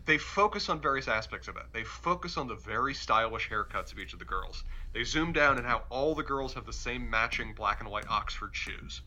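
A man's voice: mid-range voice, animated, fairly quick, few pauses, sharp tone, lo-fi sound. A man from the American South with a mild Southern accent, co-hosting a casual podcast and thinking aloud with frequent restarts. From Charlotte, North Carolina. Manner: thoughtful, stammering restarts. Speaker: podcast co-host. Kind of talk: casual recap chat.

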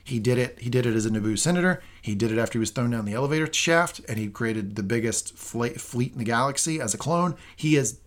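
A man co-hosting a casual review podcast, excitable and animated, swearing freely as he talks. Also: medium pitch, fast, few pauses. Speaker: podcast co-host.

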